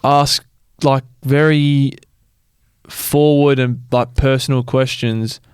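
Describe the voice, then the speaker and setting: A man's voice: mid-range voice, steady tone, takes it slowly, clean tone, no room sound, studio quality. A young man, a podcast co-host, in easygoing casual chat, often agreeing.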